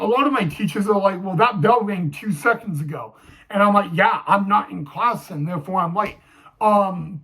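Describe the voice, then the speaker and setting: A young man telling a personal story to camera, halting, with many fillers and restarts. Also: high-pitched, fairly bright tone, poor audio. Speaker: vlogger.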